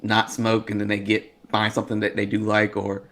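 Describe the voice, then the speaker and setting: A man hosting a podcast, asking his guest questions in a relaxed, steady way. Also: lowish voice, a little fast. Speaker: podcast host. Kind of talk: casual interview.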